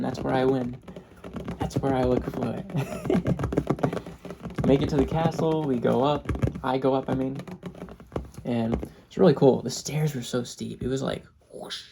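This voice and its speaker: With frequent laughter and the odd short Japanese phrase, an ASMR creator chats casually through a travel story. Background noise accompanies a medium-pitched voice that has some vocal fry.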